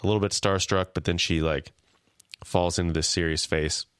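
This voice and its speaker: Man, deep voice, dry sound, casual recap, acts out quotes. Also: fairly even intonation, normal speed, a bit bright, clear, resonant tone, dry recording. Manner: retelling scenes, acting out lines lightly. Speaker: podcast co-host.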